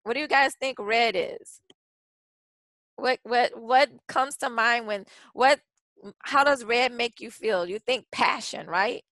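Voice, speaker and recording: A woman's voice: on the high side, takes it slowly, a bit bright, no room sound, rough recording. A woman presenting a branding workshop in a chatty, casual way, with frequent restarts and fillers. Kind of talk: casual webinar teaching.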